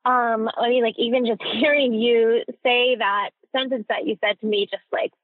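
A woman guest talking reflectively about her own behavior, often pausing to search for words, heard over a remote line. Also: fairly high pitch, steady tone, no room sound. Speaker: podcast guest. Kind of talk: personal conversation. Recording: tinny phone-like remote line.

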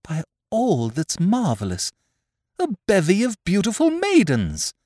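A man voicing a naive young gentleman of twenty-one, formal, precise and stiffly polite. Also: mid-range voice, huge pitch swings, unhurried, no room sound, studio quality. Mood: astonished.

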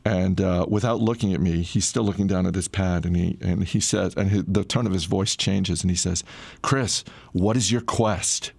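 A middle-aged man casually telling a personal story in a relaxed, conversational way, with frequent "uh" fillers. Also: sits low, a little fast, vocal fry, few pauses, husky, dry recording.

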